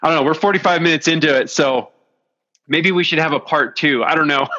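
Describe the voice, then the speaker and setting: Bright casual host on a muffled call. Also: male voice, on the high side, a little fast. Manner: casual, friendly, with frequent "uh-huh" and "man". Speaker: podcast host. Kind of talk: remote podcast interview. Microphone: video call. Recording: dull lo-fi call audio.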